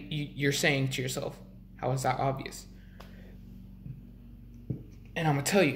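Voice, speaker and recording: A young man talking casually to his vlog viewers, rambling with restarts and frequent throat clearing. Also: mid-range voice. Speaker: vlogger.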